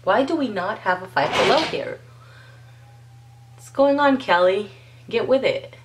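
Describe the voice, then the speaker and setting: Woman gushing over a package she's opening, slow chatty vlog talk, bit of hiss. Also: mid-range voice. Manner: gushing, excitable, talks to viewers. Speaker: nail polish vlogger. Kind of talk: casual unboxing chat.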